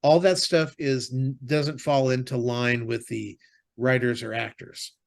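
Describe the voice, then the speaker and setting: A man's voice: mid-range voice, fairly even intonation, a little slow, gravelly. A man co-hosting a podcast, chatting casually about TV shows and movies, rambling with lots of fillers and restarts. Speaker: podcast co-host.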